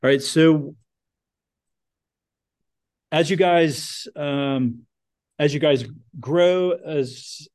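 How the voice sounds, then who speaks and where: A man's voice: mid-range voice, a little mellow. Man teaching a Bible class. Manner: thinks aloud with restarts and questions to the class.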